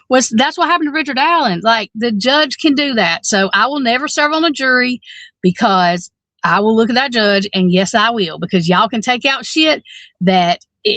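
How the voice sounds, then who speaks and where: A woman in her forties talks through a criminal case on a podcast, blunt and worked up, cursing and restarting her thoughts. Her voice sits a little high and the sound is dry and close, with no room around it. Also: a bit bright, dry recording. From Alabama. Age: 40s. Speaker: podcast co-host. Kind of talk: casual true-crime discussion.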